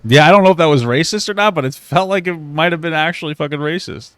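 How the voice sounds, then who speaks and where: A man's voice: a little high, fast, fairly bright tone, smooth, no echo. A man reacting live on a stream, laughing often and exclaiming in disbelief as he comments.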